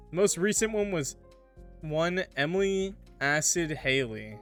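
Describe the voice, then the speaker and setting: A man's voice: on the high side, expressive, takes it slowly, fairly bright tone, faint music behind. A man reading a visual novel aloud with playful, joking asides to his chat. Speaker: gaming YouTuber. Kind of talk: casual let's-play commentary and reading aloud.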